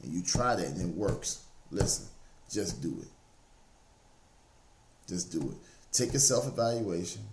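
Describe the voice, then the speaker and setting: A man with a deep, animated voice gives a casual, faith-based motivational talk at a measured pace, pausing often and repeating key phrases again and again to drive them home. Background noise is audible, and the room sounds roomy and echoey.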